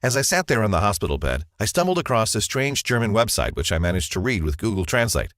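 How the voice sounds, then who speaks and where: A man's voice: on the low side, big pitch swings, fast talker, a bit bright, no room sound, studio quality. A man narrating a scripted first-person advertisement as a confessional story.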